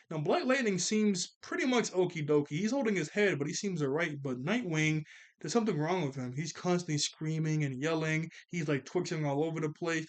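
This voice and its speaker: Chatty man recapping a cartoon. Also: a little high. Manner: chatty, laughs often, quick character quotes. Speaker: cartoon episode reviewer. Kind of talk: casual episode recap.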